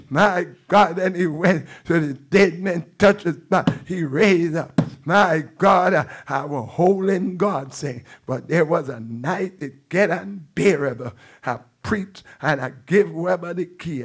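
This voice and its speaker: A man's voice: on the high side, slow pace, breathy edge. An older man preacher giving a fervent testimony sermon in a church, with repeated exclamations. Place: church sanctuary.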